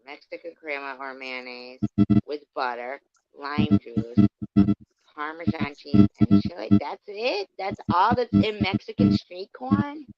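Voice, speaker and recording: A man's voice: on the high side, expressive, unhurried. A man hosting a livestream, chatting casually and eagerly about food and cooking. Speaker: livestream host. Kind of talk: casual chat. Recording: muffled stream audio with faint music.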